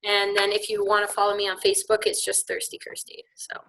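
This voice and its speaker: A chatty woman from England's Liverpool area is a guest on a casual podcast interview. Her voice is bright and forward, and she talks in an upbeat way with frequent laughter. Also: medium pitch, completely flat delivery, fairly quick, a little hiss or hum, poor audio. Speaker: podcast guest, beer blogger.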